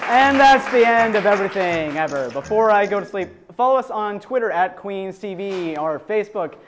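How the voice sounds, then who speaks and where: A young man hosting a student comedy show, wry and deadpan as he signs off. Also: high voice, moderate pace, a crowd in the background, background noise. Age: young adult. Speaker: host.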